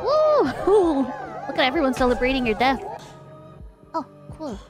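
Very high-voiced woman streamer, dramatic. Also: wildly swooping pitch, measured pace. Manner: dramatic, swings between mock-solemn eulogies and shrieking panic. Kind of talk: live game stream commentary. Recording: game music playing behind.

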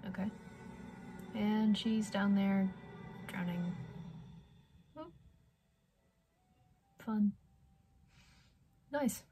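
A woman's voice: medium pitch, extremely slow, pauses often, faint music behind. A woman playing a video game, reading its text aloud with drama and breaking off with surprised exclamations. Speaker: gamer.

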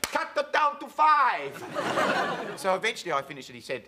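Animated man telling a comic story. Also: sits high, moderate pace. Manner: animated storyteller, acts out quotes, laughs often. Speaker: comedian and talk show guest. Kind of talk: anecdotal storytelling on a TV chat show. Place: television studio. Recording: noisy 1980s TV broadcast audio.

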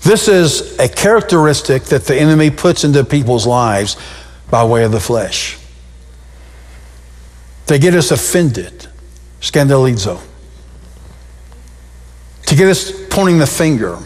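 A male pastor preaching a sermon, his voice leaping up and dropping low with sudden changes of pace. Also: very animated, unhurried, pauses often. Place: church sanctuary. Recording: long reverb of a church hall.

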